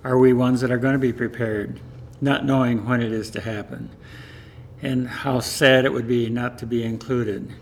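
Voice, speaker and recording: A man as pastor giving a sermon in calm, gentle short phrases. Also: mid-range voice, normal speed, a little hiss or hum.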